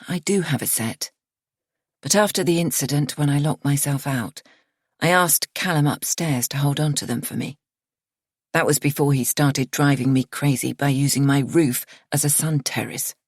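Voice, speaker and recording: A woman narrating a first-person thriller audiobook in a measured, expressive storytelling manner. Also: deep voice, slightly rough, no room sound, clean studio sound.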